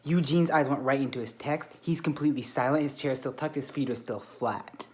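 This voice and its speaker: A man teaching a small group of children at a classroom table, speaking in a calm, deliberate, mid-pitched voice. He narrates and praises each child's behaviour as he goes. A faint hum of room noise sits behind him.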